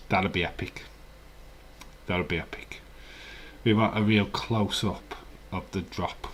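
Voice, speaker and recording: A man's voice: low voice, fairly even intonation, slow pace, pauses often, fairly bright tone. A man hosting a casual live stream, rambling and chuckling while reading the chat. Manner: rambling, chuckling, chatty asides.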